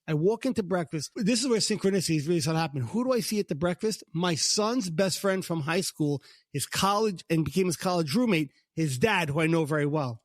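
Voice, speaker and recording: A middle-aged man with a Brooklyn accent, co-hosting a casual faith podcast and telling a lively story, acting out dialogue as he goes. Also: no echo, studio quality. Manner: animated storyteller, acts out God's lines in a higher voice. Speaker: podcast co-host.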